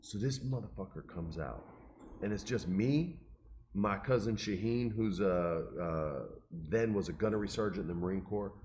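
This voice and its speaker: Middle-aged man, deep low voice, animated storytelling, faint background noise. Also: moderate pace. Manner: animated, emotional, quotes people in his stories. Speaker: guest telling a story. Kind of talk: casual storytelling chat.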